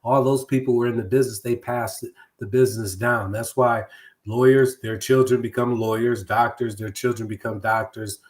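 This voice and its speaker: A middle-aged man, a guest real estate broker, explaining things in a relaxed conversational way, often repeating words as he goes. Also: medium pitch, moderate pace. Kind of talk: casual talk-show chat.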